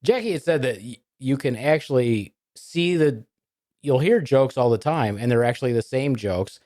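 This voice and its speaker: A man co-hosting a podcast, reading dirty jokes aloud in a deadpan way and laughing at them in casual chat. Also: mid-range voice, dry recording, studio quality. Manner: deadpan joke delivery, quick laughs. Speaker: podcast co-host.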